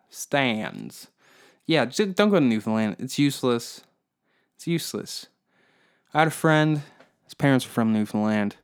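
A man's voice: mid-range voice, smooth. A man hosting a solo comedy podcast, rambling in a profane, mocking rant. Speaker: podcast host.

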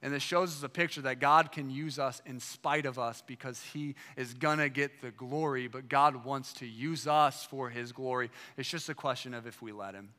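A man's voice: medium pitch, sharp tone, long reverb tail. A man preaching as pastor, emphatic and full of rhetorical questions. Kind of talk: sermon.

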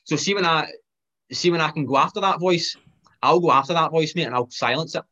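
A man, a fitness trainer, talking as a podcast guest in a fast, animated way, often restarting his sentences. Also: fairly high pitch, dull audio. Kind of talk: casual chat.

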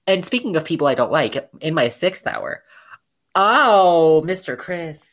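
A man's voice: fairly high pitch, normal speed. A young man co-hosting a podcast, telling indignant stories in casual chat and quoting people sarcastically. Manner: animated, indignant, quotes people in sarcastic voices. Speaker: podcast co-host.

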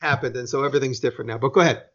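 A man's voice: mid-range voice, racing, a loud crowd. An American man from the United States telling a long anecdote as a podcast host, rambling and self-correcting, with casual swearing. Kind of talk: casual storytelling. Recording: dull lo-fi sound.

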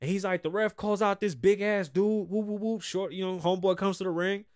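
Guy hosting his podcast, kinda high voice, rambly and cussing, dry close sound. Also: steady tone, fairly quick, a little mellow, no room sound. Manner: rambling, profane, laughs at his own stories. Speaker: podcast host. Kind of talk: casual chat.

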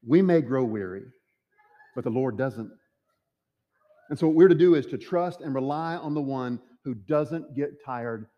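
A man preaching a sermon, emphatic, with dramatic pauses. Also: medium pitch, highs cut off. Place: church sanctuary. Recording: long church reverb.

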